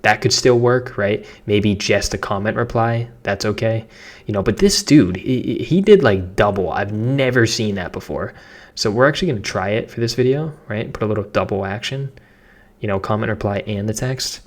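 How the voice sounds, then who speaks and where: A social media content creator with a Boston accent gives a casual how-to tutorial, chatty and slangy, often tossing in "right?". His voice is fairly low and moves at a normal speed.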